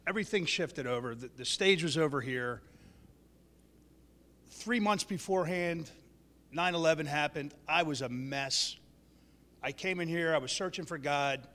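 A man with a slightly raised pitch gives a personal testimony at a church meeting, keeping his sentences short and earnest. His voice carries a long reverb from the hall. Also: normal speed, pauses often, pushed and bright. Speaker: church member sharing a testimony.

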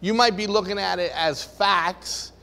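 A man's voice: sits high, a little slow, creaky, sharp tone, in a large hall. A man preaching a sermon to a room of listeners, earnest and full of rhetorical questions.

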